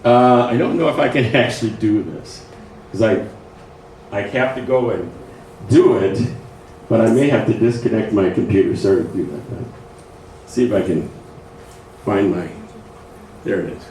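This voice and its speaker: A man's voice: lowish voice, moderate pace, pauses often, darkish tone. A man presenting a writing workshop in a conversational lecture style, often checking in with his listeners. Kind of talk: informal lecture to a writing group. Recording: echoey room, faint noise, mic far off.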